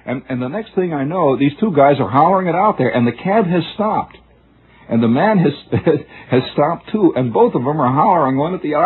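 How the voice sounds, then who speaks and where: A man's voice: on the high side, animated, fairly quick, background noise. A man telling a rambling, musing story as a radio monologue, with frequent restarts, recorded on a tinny old radio broadcast. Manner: discursive, musing, restarts often.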